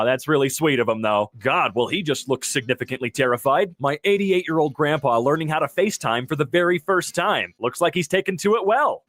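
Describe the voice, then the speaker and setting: Man, slightly high voice, very animated pitch, casual commentary, joking asides. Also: no room sound. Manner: jokey asides after each reading. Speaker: host reacting to wholesome posts. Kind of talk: casual commentary, reading captions aloud.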